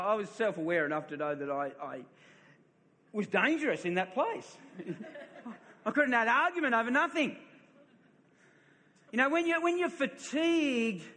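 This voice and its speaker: A middle-aged man preaches in a high, bright voice, telling a personal story and often repeating his words as he builds up. His voice rings out with a long reverb, as in a large hall. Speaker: pastor. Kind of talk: sermon.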